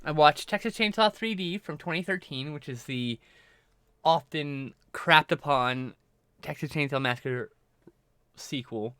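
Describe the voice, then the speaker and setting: A man's voice: a little high, unhurried, pushed and bright, smooth, no room sound, studio quality. A man streaming live and chatting casually, rambling and now and then breaking into silly noises.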